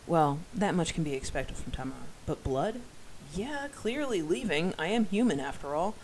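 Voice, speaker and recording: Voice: mid-range voice, sing-song, moderate pace, darkish tone, a little hiss or hum, low-quality recording. A narrator reading a novel aloud in the first person, with wry, self-deprecating asides.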